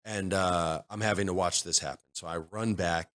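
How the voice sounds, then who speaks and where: A man co-hosting a podcast, telling a gaming story casually and acting out other players' voices in loud bursts. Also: low-pitched, fairly even intonation, normal speed. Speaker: podcast co-host. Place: studio.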